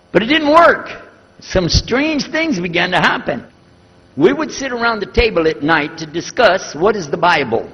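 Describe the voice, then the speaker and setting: A man's voice: a little high, husky. An older man with a Texan accent, a preacher telling a story to an audience and acting out both sides of the conversations. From United States. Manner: animated storyteller acting out dialogue. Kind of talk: storytelling talk. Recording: echoey hall, dull lo-fi sound.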